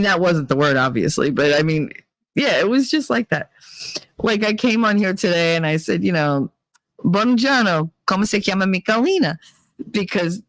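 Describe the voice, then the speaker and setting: Animated New Jersey woman chatting. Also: no room sound. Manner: animated, laughs often, mimics relatives in high voices. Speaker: streamer reading chat. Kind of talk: casual chat.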